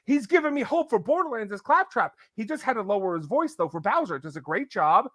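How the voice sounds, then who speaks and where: A man's voice: high-pitched, big pitch swings, a little fast, fairly bright tone, dry recording, studio quality. A man hosting a podcast, ranting in casual, opinionated chat and breaking into impressions.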